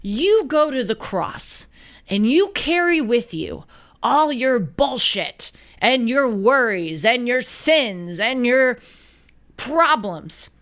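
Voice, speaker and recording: A woman's voice: a little high, very animated, slow, fairly bright tone, pitched above the performer's own voice, full character voice. A woman doing an impression of an older Bronx man with a devout, colorful way of talking, in an attempted Bronx accent. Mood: earnest preaching. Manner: emphatic, colorful, preachy delivery. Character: older Bronx rock singer, devout and salty.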